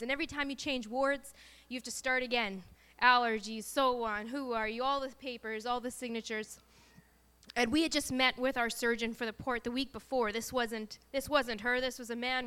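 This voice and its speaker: A woman's voice: a little high, fairly bright tone, smooth. A woman in her thirties, a mother telling her family's story as a personal faith testimony, in an earnest and emotional way.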